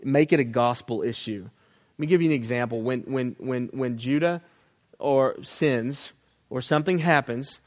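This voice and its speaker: A man's voice: mid-range voice, measured pace. A man in his thirties preaching a sermon on family. He speaks earnestly, tells stories, and often restarts his sentences. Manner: earnest, storytelling, with many restarts. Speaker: pastor.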